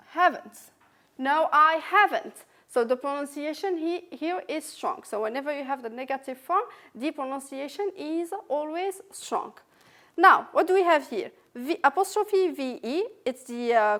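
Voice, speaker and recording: A woman teacher with a French accent giving a recorded English revision lesson, slowly repeating each word and sentence for her learners. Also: sits high.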